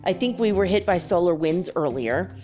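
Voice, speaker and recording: A woman in her fifties hosting a casual spiritual chat show, telling stories in a chatty, animated way and laughing often. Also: lowish voice, normal speed, soft background music. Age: 50s. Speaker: host.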